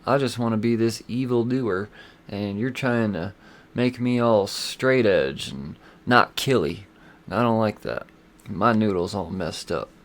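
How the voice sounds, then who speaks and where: A man's voice: lowish voice, a little slow. A man voicing an unhinged female villain with a put-on Southern accent, talking in a flirty, scornful, profane way.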